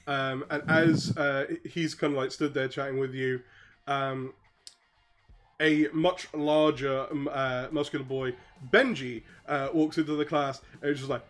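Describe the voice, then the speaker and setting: A man narrating as game master of a tabletop role-playing game, relaxed and full of fillers. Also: fairly high pitch, a little slow.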